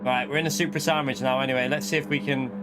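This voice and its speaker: A man's voice: mid-range voice, steady tone, fast talker, over loud music. A man streaming a racing game, ranting indignantly at chat between frequent laughs. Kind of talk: live racing game commentary. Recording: noisy with car engine sounds.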